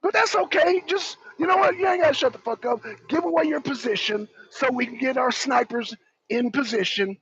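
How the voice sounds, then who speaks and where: A man giving heated commentary on a talk show, ranting in a loud, profane, mocking way. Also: very high voice, fairly quick, a little hiss or hum. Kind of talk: heated live-stream commentary. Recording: dull, dry lo-fi sound.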